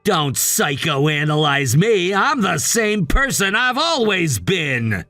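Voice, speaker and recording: A man's voice: high-pitched, very animated, takes it slowly, bright, forceful tone, dry recording, faint music behind, exaggerated voice. A synthetic man's voice reading a cold, demanding husband with curt, dismissive lines. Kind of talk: text-to-speech story reading.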